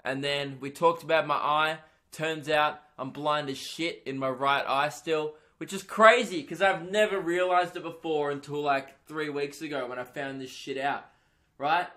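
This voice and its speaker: A young man hosting a solo comedy podcast, telling a rambling, animated story full of swearing and filler words. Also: on the high side, normal speed.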